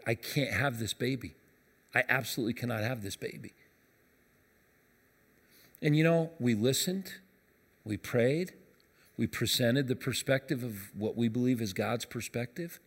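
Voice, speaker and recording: A man pastor preaching a sermon, telling a story softly and then rising into emphatic preaching. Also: mid-range voice. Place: church auditorium. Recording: long reverb of a large hall.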